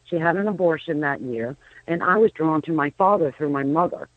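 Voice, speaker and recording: A woman's voice: sits low, animated, a little fast, no room sound. A woman in her fifties, a psychic medium guest, telling rambling stories on a radio phone-in, often restarting her sentences. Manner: rambling storyteller, frequent restarts. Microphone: telephone. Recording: tinny phone line.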